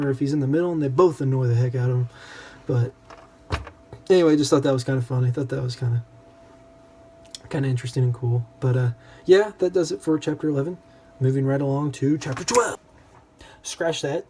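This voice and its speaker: A man's voice: medium pitch, mellow, a little hiss or hum. A young man in a casual, rambling book discussion, full of self-deprecating asides. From United States.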